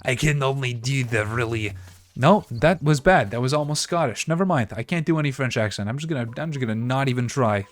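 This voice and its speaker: A man's voice: mid-range voice, fast, few pauses. Chatty Canadian man narrating gameplay. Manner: chatty, rambling, with many fillers. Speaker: streamer playing a game. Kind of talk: casual gameplay commentary.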